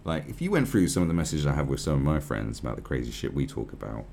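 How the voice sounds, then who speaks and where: A man's voice: rumbling low, big pitch swings, fast talker, vocal fry, warm tone, a little hiss or hum. A man giving profane, rambling, sarcastic commentary on a news article.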